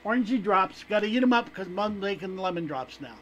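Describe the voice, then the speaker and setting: A man's voice: high voice, animated, fairly quick, dull audio, slight background noise. A man, a vendor at gun shows, chatting casually on a radio show in an easygoing way, laughing at his own jokes. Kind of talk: casual talk radio chat.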